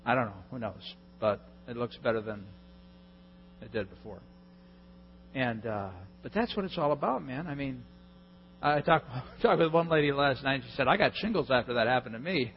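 A male pastor preaching a sermon, telling a story with lively, self-mocking humor. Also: mid-range voice, normal speed, breathy edge. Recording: dull lo-fi recording in a hall.

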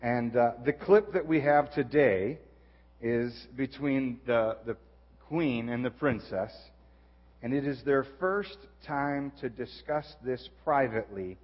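Brief: young male youth pastor, casual sermon, fillers, mid-pitched, reverberant church sound. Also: slow. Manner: chatty, self-deprecating, many fillers. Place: church auditorium. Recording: dull echoey church hall.

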